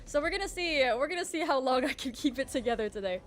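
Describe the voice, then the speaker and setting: A woman's voice: high voice, lively intonation, quick pace. A young woman streamer with a groggy morning voice, chatting in a rambling, casual way and greeting her chat. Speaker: livestreamer.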